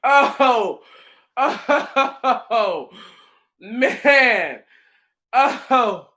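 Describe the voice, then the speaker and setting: A man ranting casually and profanely, mocking someone, often breaking into loud laughter and shouts while a little tipsy. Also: very high-pitched, lively intonation, drawn-out words. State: tipsy from drinking. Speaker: commentator reacting to a commenter. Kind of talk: casual reaction rant.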